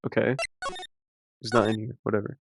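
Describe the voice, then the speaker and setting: A man's voice: on the low side, level tone, a little fast, over music. A male streamer giving casual, offhand commentary while playing a game.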